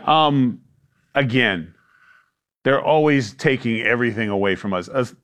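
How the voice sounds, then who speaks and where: A man co-hosting a talk show, telling stories and acting out little quoted lines in animated banter. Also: medium pitch, a little slow. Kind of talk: casual panel banter.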